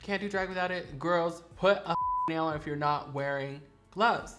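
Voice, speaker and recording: A man's voice: a little high, moderate pace, music in the background. A man who performs in drag, chatting sassily and playfully about favorite makeup products in a studio vlog. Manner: sassy, chatty, playfully dramatic.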